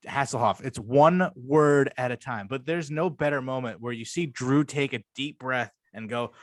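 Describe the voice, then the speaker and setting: A man's voice: medium pitch, normal speed, hardly any pauses, dry recording, studio quality. A man co-hosting a podcast, chatting casually and enthusiastically about a favorite comedy show, swearing freely and rambling. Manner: rambling, profane, enthusiastic retelling. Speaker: podcast co-host. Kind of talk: casual chat.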